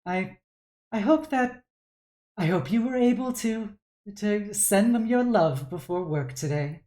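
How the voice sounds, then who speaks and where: Woman playing a polite, quietly menacing stranger, smooth delivery. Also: mid-range voice, a little slow, roomy sound, voice pushed up, natural voice. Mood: sweetly menacing. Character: sinister polite middle-aged woman.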